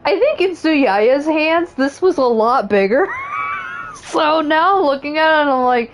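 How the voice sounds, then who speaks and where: A woman's voice: high-pitched, expressive, measured pace. Jokey woman reading game lines aloud. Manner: jokey, laughs often, puts on voices. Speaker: game streamer. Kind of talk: reading game dialogue aloud with casual commentary.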